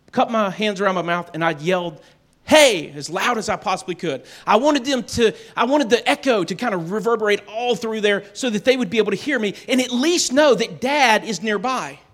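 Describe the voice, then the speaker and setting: A man's voice: high voice, fairly bright tone. A middle-aged man telling a family story to an audience in a folksy, self-deprecating way, often restarting his sentences. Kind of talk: animated storytelling talk.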